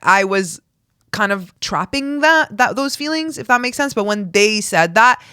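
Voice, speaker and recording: A woman's voice: medium pitch, expressive, unhurried, pushed and bright, clear, resonant tone, dry recording, studio quality. Frank, profane woman podcast host. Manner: frank and profane, acts out quoted dialogue. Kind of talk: candid solo storytelling.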